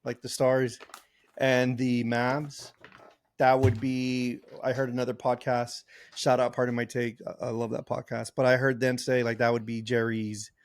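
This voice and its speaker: A man's voice: mid-range voice, flat delivery, measured pace. A man co-hosting a podcast in casual chat, rambling with fillers and restarts. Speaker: podcast co-host.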